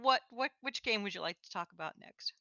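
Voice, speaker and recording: A woman co-hosts a casual chat with a bright, lively voice that rises and falls a lot. She laughs often and slips in sarcastic asides. The sound is dry and a little dull, as if from a lo-fi mic. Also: mid-range voice, brisk, gravelly, dry recording. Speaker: co-host.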